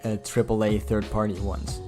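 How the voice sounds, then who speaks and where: A man's voice: lowish voice, flat delivery, moderate pace, over music. A man hosting a reaction video, answering a clip with blunt, sarcastic, profane rebuttals. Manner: sarcastic, blunt, swears freely.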